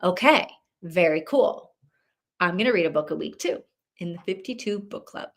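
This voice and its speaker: A woman's voice: lowish voice, expressive, moderate pace. A woman hosting a live reading stream, chatting casually and thinking aloud, rambling with restarts. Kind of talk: casual livestream chat.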